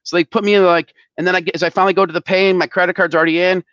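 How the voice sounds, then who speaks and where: A man's voice: high voice, flat delivery, racing, a bit bright, no echo, muffled recording. A man co-hosting a casual live stream, worked up and ranting, swearing, with many restarts and repeated words. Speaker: show co-host, company head.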